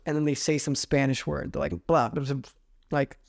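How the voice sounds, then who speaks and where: A man in his twenties tells a story on his own podcast. He is animated and uses a lot of "like." His voice sits a little higher than most men's. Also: a little fast, vocal fry. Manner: animated, heavy use of "like". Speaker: podcast host. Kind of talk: casual storytelling.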